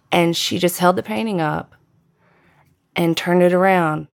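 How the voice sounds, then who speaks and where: Low-voiced middle-aged woman telling a story. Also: creaky. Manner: measured, deliberate storytelling. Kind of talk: personal story narration. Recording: guitar music underneath.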